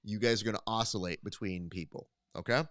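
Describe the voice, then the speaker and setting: Man, show host, smooth clear voice, dry sound, chatty and playful. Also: on the low side, fairly bright tone, no room sound. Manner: chatty, playful, quick laughs. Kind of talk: casual panel show hosting.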